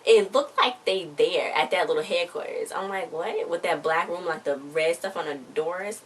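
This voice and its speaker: A woman's voice: on the low side, moderate pace, far from the mic, a little hiss or hum. A woman reviewing a TV episode in a casual, rambling recap, stringing the story together with "so then she's like.".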